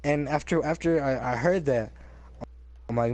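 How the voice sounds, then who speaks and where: Animated young man telling stories. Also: medium pitch, moderate pace, long pauses. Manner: animated storyteller, repeats words, acts out quotes loudly. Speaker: co-host telling work stories. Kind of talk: casual chat.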